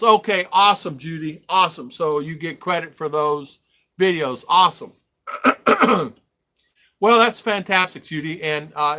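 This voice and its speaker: Middle-aged American man, livestream host; rambling chatter, somewhat high and very bright. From United States. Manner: rambling, reads viewer comments aloud. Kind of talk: casual live-stream chat.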